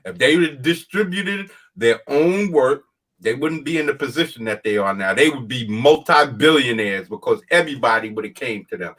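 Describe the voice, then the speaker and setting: A man's voice: mid-range voice, lively intonation, moderate pace, a bit bright. A man hosting a casual talk show who speaks in a plain, folksy way, repeats his points for emphasis, and often laughs while he rants.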